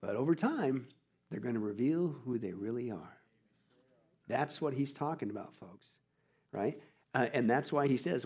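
A man preaching a verse-by-verse sermon as a pastor, emphatic and colloquial, firing rhetorical questions and swinging between loud bursts and quiet asides. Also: mid-range voice, animated, normal speed, long pauses, husky. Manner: colloquial preaching with mock voices. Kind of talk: expository sermon.

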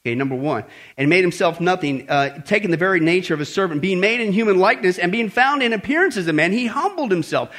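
A man's voice: high-pitched, lively intonation, fast, fairly bright tone. A man preaching a sermon as pastor, asking the congregation rhetorical questions and telling a story.

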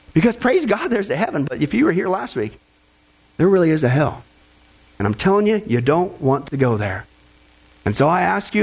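A man preaching a sermon, emphatic, with a voice that swoops up when quoting and drops low to close each point. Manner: emphatic, swooping pitch, quotes deathbed words with rising fervor.

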